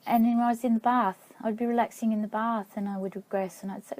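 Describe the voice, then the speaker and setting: A middle-aged woman telling a personal story to camera in a halting, reflective way, stopping now and then to check her notes. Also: fairly high pitch, steady tone, darkish tone, rough recording. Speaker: vlogger.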